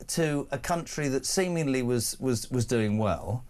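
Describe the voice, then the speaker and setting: A man hosting a radio and TV talk show, animated and jokey, often restarting his phrases. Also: mid-range voice, measured pace. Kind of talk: lively talk-show banter. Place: broadcast studio. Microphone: studio microphone.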